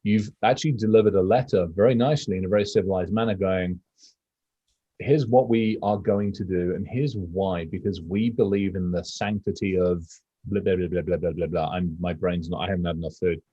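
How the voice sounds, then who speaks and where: Low, husky man talking rambly and profane. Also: brisk, no echo, lo-fi sound. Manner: rambling, profane, animated storytelling. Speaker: podcast co-host. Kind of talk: casual podcast conversation.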